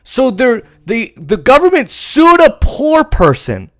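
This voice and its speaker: Man, podcast host, sarcastic, profane, highly animated, fairly high voice. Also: slow. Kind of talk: ranting political commentary.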